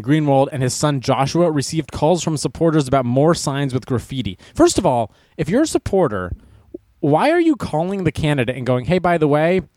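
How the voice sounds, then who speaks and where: A man's voice: medium pitch, darkish tone, dry recording, clean studio sound. A man hosting a talk show, joking through news items and stories and laughing often. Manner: playful, laughs often, reads news items aloud with wisecracks. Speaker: radio show host.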